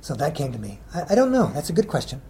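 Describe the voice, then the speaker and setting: A man's voice: a little high, huge pitch swings, fast, mellow, slight background noise. A middle-aged man, a children's poet, answering interview questions casually, rambling and hesitant with many ums.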